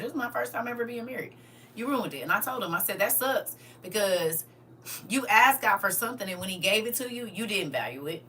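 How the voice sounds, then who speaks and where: A woman speaks in with a bright, forceful voice. She talks straight to her livestream viewers, emphatic and preachy. A faint hum sits behind her. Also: fairly high pitch. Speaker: livestream host. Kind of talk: casual livestream talk.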